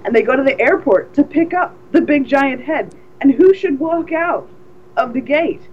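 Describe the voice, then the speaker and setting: This woman's high-pitched voice moves at a moderate pace as she animatedly recounts stories on a relaxed podcast she co-hosts, frequently backing up to restart. The lo-fi sound is dull, with slight hiss or hum.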